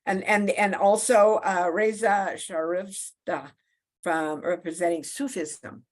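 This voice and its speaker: A woman moderating an online discussion and closing it, halting with many fillers and repeated words. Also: on the low side, fairly even intonation. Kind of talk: closing remarks on a video call. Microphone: video call.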